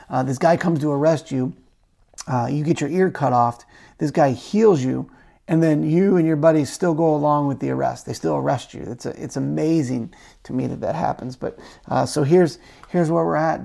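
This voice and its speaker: Male pastor, gravelly edge, chatty animated sermon delivery. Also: on the high side. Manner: conversational, animated storytelling with asides. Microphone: camera-recorded talk.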